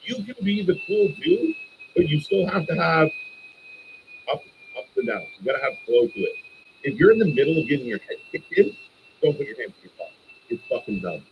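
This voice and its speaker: A man hosting a live stream and reviewing a wrestling show, casual, opinionated and profane, with bursts of excited ranting. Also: fairly quick, gravelly, lo-fi sound, slight background noise. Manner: animated, swings up into high excited bursts while ranting.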